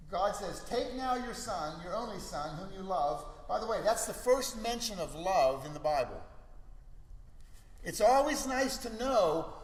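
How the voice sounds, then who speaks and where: High-voiced man teaching Bible class. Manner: animated storytelling, checks in with listeners. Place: school classroom. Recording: echoey room with long reverb.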